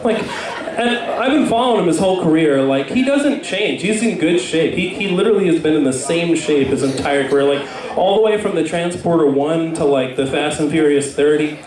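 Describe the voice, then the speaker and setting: A man's voice: fairly high pitch, brisk, a crowd in the background. A young man doing a stand-up comedy set, rambling and self-mocking with lots of fillers, recorded far off in an echoey club.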